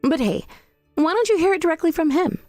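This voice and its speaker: A woman's voice: very high-pitched, a little fast, dry recording, clean studio sound, soft background music. A woman voicing a cool, cutting young wife. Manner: calm, cutting. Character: calm, pointed young wife, daughter-in-law. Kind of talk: text-message story drama.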